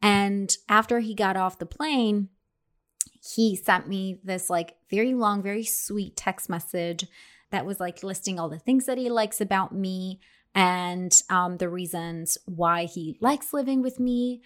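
A woman's voice: mid-range voice, measured pace. A young adult woman explaining English expressions in a casual lesson, chatty, with many fillers and restarts. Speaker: English teacher.

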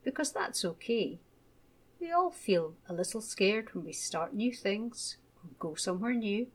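A woman voicing a gentle, patient mother in a children's storybook, coaxing and reassuring. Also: mid-range voice, lively intonation, a little slow, husky.

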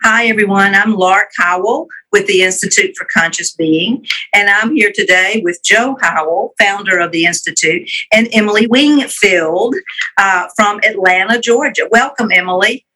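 A woman with a Southern US accent, co-hosting a podcast interview with friendly, unhurried introductions. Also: mid-range voice, pushed and bright, low-quality recording. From Alabama, USA. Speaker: podcast co-host.

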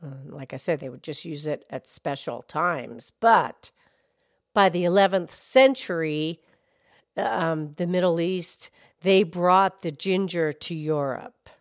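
A woman voicing a calm, kindly female cow who co-hosts a kids' podcast, gently reassuring and patiently explaining facts. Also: low-pitched, slow pace, no echo, studio quality. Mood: gentle. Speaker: podcast co-host. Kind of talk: in-character kids' podcast chat.

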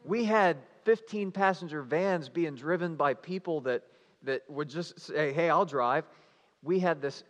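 A man, a youth pastor telling stories in a lively, animated sermon, swinging between playful and hushed. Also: on the high side, a little slow. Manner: animated storyteller, shouting and mimicking for comic effect. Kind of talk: storytelling sermon. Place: church hall. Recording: reverberant church hall.

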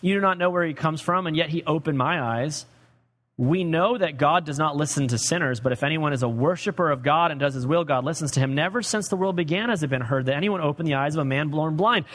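Male pastor, sermon delivery, emphatic with hushed drops, slightly high voice, long church reverb. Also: quick pace. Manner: swings from loud emphatic preaching to low quiet asides. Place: church sanctuary.

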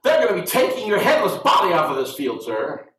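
A man's voice: high voice, huge pitch swings, fairly quick, a bit bright, voice pushed up, exaggerated voice. Brief: male preacher as a bold young shepherd, declaring and confident, heard from far off. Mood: defiant. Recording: roomy sound from far off.

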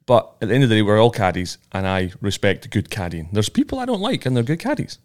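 A man with a lowish voice chats loosely on a podcast, wandering from point to point and restarting often. He sounds friendly and unhurried. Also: very animated. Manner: rambling, friendly, full of restarts. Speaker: podcast co-host. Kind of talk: casual chat.

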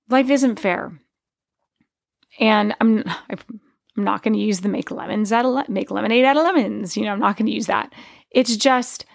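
A woman in her forties shares a personal faith testimony in an earnest, conversational way, circling back and restarting her thoughts. Her voice sits a little high with a gravelly, fried edge. The recording is dry and close. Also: no room sound. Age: 40s.

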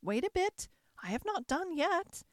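A woman reading a storybook aloud, voicing a kindly, brisk little old fairy godmother who gives orders gently. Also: very high voice, very animated, no room sound, studio quality, voice pushed up, exaggerated voice. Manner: gently commanding, quick to impatience.

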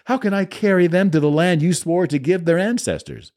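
A man's voice: high-pitched, a little fast, a little mellow, voice pushed up, natural voice. A man reading the part of an anguished older prophet who pleads with God in a raised, strained voice. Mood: pleading, exasperated.

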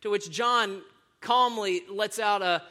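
Upbeat male preacher, piercing high voice, jokes and crowd calls. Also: slow. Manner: lively, jokey, calls on the crowd for amens. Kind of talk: sermon.

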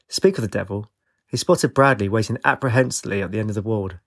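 A man narrates an audiobook in a measured, even read. His voice is low and gravelly, recorded dry and close, with no room sound. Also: no echo.

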